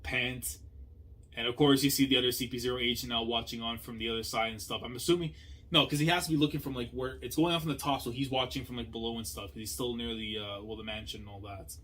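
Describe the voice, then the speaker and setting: A young man hosting a manga reaction, talking casually in slang and swinging between low muttering and loud outbursts. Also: fairly even intonation, fast.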